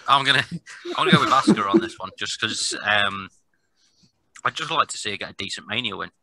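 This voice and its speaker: A man's voice: on the low side, fast, poor audio. A man co-hosting a wrestling podcast, laughing often and prompting the others for their picks. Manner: giggly, lively, asks the others for picks. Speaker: podcast co-host. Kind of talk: casual wrestling chat.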